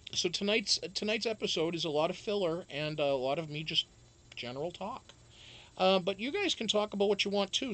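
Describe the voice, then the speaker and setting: A man's voice: sits high, a bit bright. A man hosting a live stream, telling a rambling, profane story and answering chat casually. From Wisconsin.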